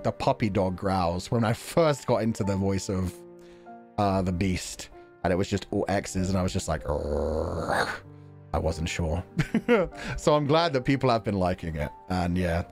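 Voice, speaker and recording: Guy streamer chatting w chat, laughs a lot, voice bounces all over, kinda self-deprecating. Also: mid-range voice. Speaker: game streamer reading chat. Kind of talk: casual livestream chat.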